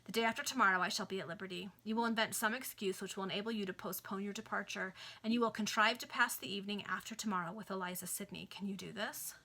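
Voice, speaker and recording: A scheming gentleman villain who makes his threats in a calm, measured tone, as read aloud by a woman. The voice stays bright and clear. He never hurries or raises his voice to menace. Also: mid-range voice. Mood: cold.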